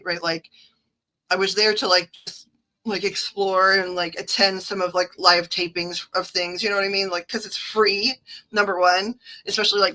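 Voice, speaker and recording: A woman's voice: fairly low pitch, sharp tone, low-quality recording. A woman with a Midwestern accent, chatting casually on a livestream, rambling through stories with lots of fillers and asides. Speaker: livestream card reader.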